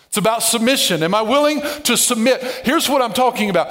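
High-voiced preacher, soft to shouting. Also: male voice, lively intonation, quick pace. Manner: dynamic, swings from soft asides to shouted emphasis; playful, with humorous asides and call-outs to the congregation. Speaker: pastor. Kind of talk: sermon.

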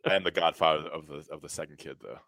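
A man's voice: extremely low pitch, steady tone, quick pace, gravelly, fairly bright tone, no echo. A male sports reporter co-hosting a casual chat, asking curious questions. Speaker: podcast co-host, sports reporter.

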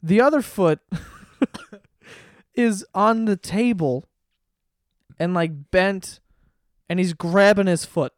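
A man's voice: sits high, slow, pauses often, no room sound, studio quality. A young man hosting a podcast, telling crude stories in casual chat. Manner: crude, joking storyteller. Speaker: podcast host. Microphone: studio mic on stand.

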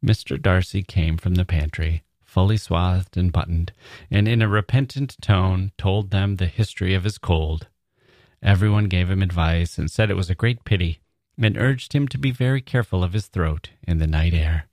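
A man hosting a podcast, reading a story in a measured, reflective way and commenting on it. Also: sits low, a little mellow, no echo, studio quality. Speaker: podcast host.

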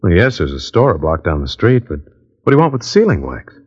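A man's voice: low voice, sing-song, fast, breathy edge, heavily acted. An actor playing an eager, worried young male artist, in 1940s radio acting. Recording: dull old radio recording.

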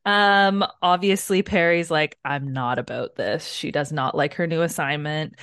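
A woman with a lowish voice chats casually on a book club podcast, recapping the story with animated energy and plenty of swearing. The recording is dry and close, with almost no room sound. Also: unhurried, clear, resonant tone, no echo. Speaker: podcast co-host.

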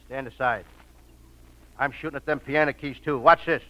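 A man in a comedy sketch, talking in an excitable, boyish way with frequent giggles. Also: medium pitch, moderate pace. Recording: muffled old recording with loud hiss.

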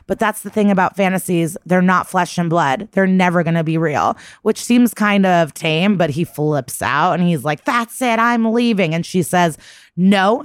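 A woman's voice: lowish voice, dry recording, studio quality. A woman co-hosting a podcast, chatty and profane, recapping a TV episode and acting out its lines. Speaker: podcast co-host.

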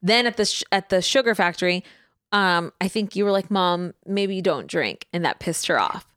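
A woman's voice: on the low side, moderate pace, clean tone. A young adult woman in casual chat, animatedly retelling events and quoting what others said. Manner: animated retelling with quoted dialogue.

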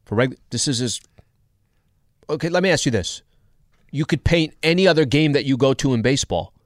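A man co-hosting a sports radio show, trading quick casual remarks. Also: mid-range voice, lively intonation, no echo, clean studio sound. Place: radio studio.

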